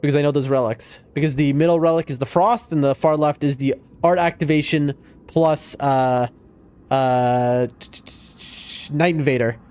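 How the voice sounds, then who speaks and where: A man live-streaming a video game, chatting excitedly with his viewers. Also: fairly high pitch, normal speed, smooth. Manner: excitable, chatty, talks to chat. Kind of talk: live gameplay stream chat.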